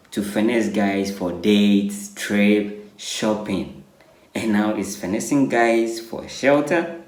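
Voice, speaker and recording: Slow, mellow man reacting in disbelief. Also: on the low side, reverberant, low-quality recording. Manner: incredulous, amused. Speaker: reaction host. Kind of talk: reaction commentary.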